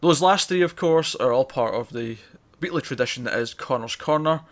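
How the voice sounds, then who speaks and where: A man hosting a comics podcast in a casual chat, reading out lists with the odd filler. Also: mid-range voice. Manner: chatty, reads lists briskly with fillers. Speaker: podcast host.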